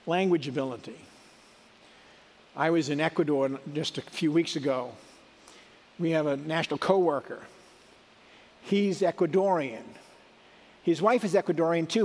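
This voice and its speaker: A man's voice: a little high, moderate pace, long pauses, a little mellow, in a large hall. A middle-aged man giving a sermon in a conversational, folksy way, with asides and restarts. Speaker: preacher.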